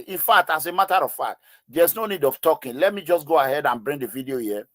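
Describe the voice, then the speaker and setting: A man's voice: fairly high pitch, lively intonation, normal speed, fairly bright tone, dry recording. A man giving emotional news commentary in an impassioned, pleading way, with many fillers and repeats.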